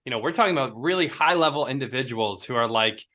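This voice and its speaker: A man co-hosting a casual podcast discussion, talking in an animated, rambling way with lots of fillers. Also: mid-range voice, quick pace. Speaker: podcast co-host.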